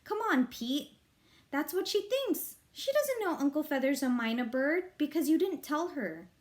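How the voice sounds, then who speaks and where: Woman doing a small whiny boy, high, pleading, storybook read-aloud. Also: expressive, moderate pace. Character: young boy, small brother.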